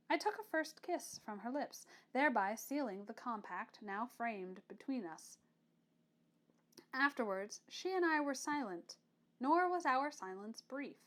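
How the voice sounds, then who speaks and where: Woman reading a classic novel out loud, kinda high voice, measured and expressive. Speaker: audiobook narrator. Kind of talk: first-person narration of a classic novel.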